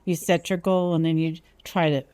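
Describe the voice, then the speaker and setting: A woman's voice: lowish voice, level tone, moderate pace, warm tone, clear, resonant tone, no echo. A woman hosting a health podcast, asking questions in a casual, hesitant way with many fillers. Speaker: podcast host. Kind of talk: casual interview talk.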